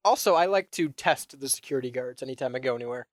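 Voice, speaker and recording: A man co-hosting a podcast in casual chat, joking around and laughing between lines. His pitch swings widely from line to line. The sound is close and dry. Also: lively intonation, fast, dry recording. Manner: joking, laughs often, puts on silly voices. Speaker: podcast co-host.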